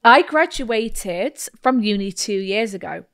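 A woman's voice: mid-range voice, animated, unhurried, fairly bright tone, clean tone. A young woman co-hosting a casual podcast, reading out a listener's letter and breaking into fits of laughter. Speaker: podcast co-host. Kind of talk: casual chat.

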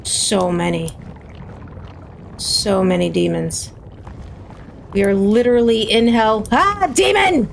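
A woman giving let's play commentary on a horror game, excitable and yelling mock exorcisms at the monsters. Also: medium pitch, takes it slowly, vocal fry, pauses often, slight background noise. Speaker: gaming commentator.

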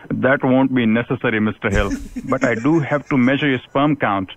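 An actor playing a calm, matter-of-fact male doctor in an animated sitcom. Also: medium pitch, normal speed, lo-fi sound, a little hiss or hum, natural voice. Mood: clinical.

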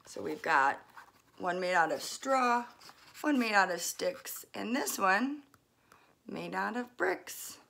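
A woman, a fitness coach, reading a children's story aloud gently and pausing softly to describe the pictures. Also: fairly high pitch, vocal fry, slight background noise.

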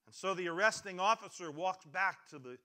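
Male pastor, sermon delivery, slightly high, very bright voice, swings loud to soft, repeats phrases for emphasis. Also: a little fast. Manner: dramatic swings from loud emphatic lines to quiet near-murmurs; repetitive, preacherly phrasing.

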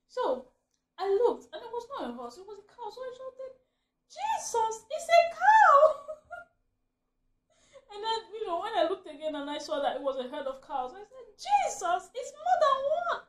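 A woman vlogger telling a funny story in casual chat, animated and laughing often as she acts out what she shouted. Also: sits high. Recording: roomy echo.

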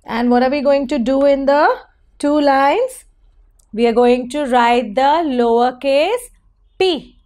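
A young woman teaches toddlers a phonics lesson in a high, sing-song voice. She talks slowly and patiently, coaxing the children along and stretching the sounds she wants them to copy. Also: animated, a little mellow.

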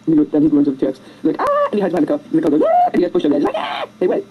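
A speaker rambling through a comic retelling of a film over their own drawings, hurried and jokey, jumping into silly squeaky voices on a home computer mic. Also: huge pitch swings, vocal fry, breathy edge, phone-quality sound. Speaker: amateur storyteller narrating drawings.

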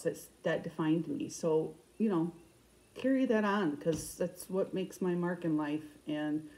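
A middle-aged woman with a Michigan accent, chatting fast and loosely to camera about her cross stitch projects, often restarting her sentences. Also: low-pitched, a little mellow, poor audio. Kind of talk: casual chat to camera.

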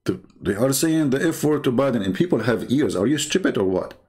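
A man's voice: mid-range voice, animated, fairly quick, a little mellow, slightly rough. A man hosting a show, giving mocking commentary with lots of laughter and repetition. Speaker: host.

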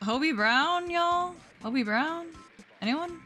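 A woman chats during an online match, teasing and giggling at her friends. Her voice is high and bright, with a slow, drawn-out delivery that swoops in pitch. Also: lively intonation, soft background music. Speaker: actress and gamer. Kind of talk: casual gaming banter.

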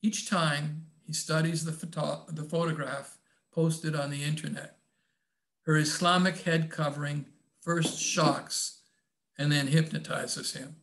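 Older man, author, reads his own novel aloud, reflective, slightly high voice, gravelly. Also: little pitch movement, fairly bright tone. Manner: reflective, measured reading.

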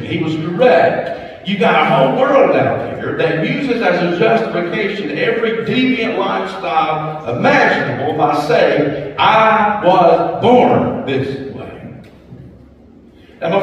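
Man preaching far off in echoey church. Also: sits high. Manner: conversational preaching, shifting between soft asides and raised emphasis. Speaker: pastor. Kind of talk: sermon. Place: church sanctuary. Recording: distant echoey church hall, dull and lo-fi.

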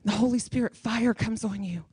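A woman guest speaker preaches in church with emphatic, repeated phrases. Her voice sits fairly high. The sound is dry and close, with little room echo. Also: moderate pace, darkish tone, husky. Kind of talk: sermon.

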